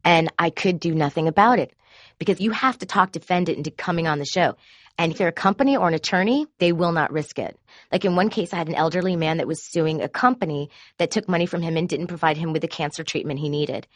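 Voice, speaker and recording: A woman who produces court shows tells candid, confessional stories about her job and grows animated when she quotes herself. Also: lowish voice, fast talker, dry recording. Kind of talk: personal storytelling.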